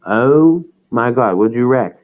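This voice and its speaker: A man's voice: medium pitch, lively intonation, slow pace. A man hosting a casual livestream, easygoing and asking lots of questions. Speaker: host. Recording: tinny phone-like line.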